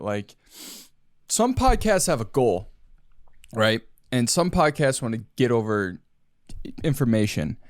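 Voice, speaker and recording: A man's voice: mid-range voice, no room sound, studio quality. Rambling young man hosting a podcast. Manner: rambling, jokey, says "dude" a lot. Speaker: podcast host. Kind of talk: casual solo podcast chat. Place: his own room.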